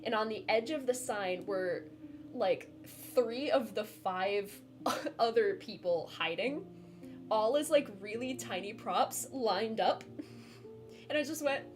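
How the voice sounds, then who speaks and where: A woman streamer telling a story to her chat in a chatty, animated way, laughing often and filling with "like". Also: a little high, slow pace, faint music behind. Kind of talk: casual storytelling to a live chat.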